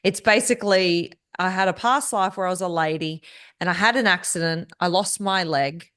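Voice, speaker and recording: A woman co-hosting an interview, chatting in an enthusiastic, rambling way with quick restarts. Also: lowish voice, a bit bright, smooth. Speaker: podcast co-host. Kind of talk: casual chat.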